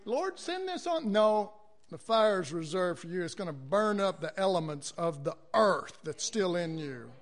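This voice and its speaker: A man's voice: high voice, normal speed. A man preaching a sermon, acting out quoted voices and calling for amens from the congregation.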